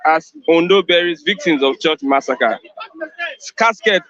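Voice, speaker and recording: A man hosting a radio talk show, closing the program in a halting way with many fillers. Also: on the high side, a bit bright, dry recording. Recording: dull lo-fi radio with crowd behind.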